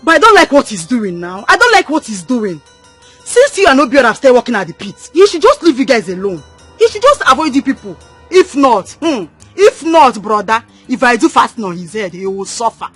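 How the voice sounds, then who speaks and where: A woman's voice: fairly high pitch, sing-song, fairly quick, slightly rough, soft background music. A woman with a Nigerian accent acting in a film, playing an indignant sister who scolds and complains. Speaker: sister learning sewing.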